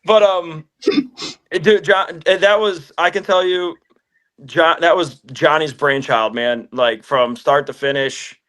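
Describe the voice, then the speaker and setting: Man with a higher voice, animated storyteller. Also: measured pace. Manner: animated storyteller, acts out phone calls. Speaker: musician. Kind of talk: casual interview storytelling.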